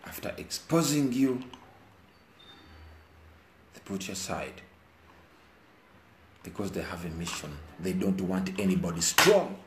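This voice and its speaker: A Ugandan man with a low-sitting, very animated voice speaks a little slowly with frequent pauses, giving viewers an earnest, preachy, emotional monologue as a commentator. He switches between Luganda and English indoors while rain falls outside; the recording has a roomy echo and faint background hiss.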